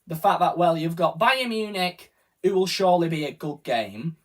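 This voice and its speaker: A man's voice: fairly high pitch, expressive, moderate pace, a bit bright. Rambling football fan man. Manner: rambling, self-correcting, partisan fan talk. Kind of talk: live reaction commentary.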